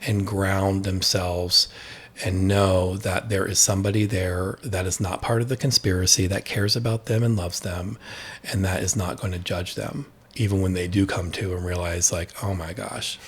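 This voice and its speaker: A man's voice: deep voice, level tone, moderate pace, slightly rough. A man, an addiction expert, speaking candidly in a podcast conversation and telling a personal story with quoted dialogue.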